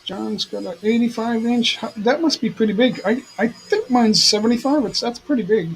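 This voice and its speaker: A man's voice: very high voice, moderate pace, slight background noise, rough recording. A man hosting a livestream in casual chat, rambling and repeating himself. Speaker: livestream host.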